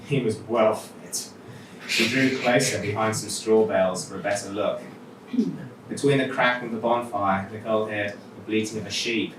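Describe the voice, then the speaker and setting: A man with a Welsh accent reading his own short story aloud at a live literature event, with wry conversational asides. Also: on the low side. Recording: echoey hall, mic from far off, noisy.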